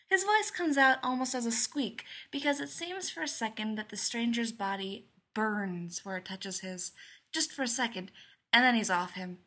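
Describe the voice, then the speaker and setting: Female story reader, bright, slightly high voice, lively and expressive. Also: moderate pace. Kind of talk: reading a story aloud.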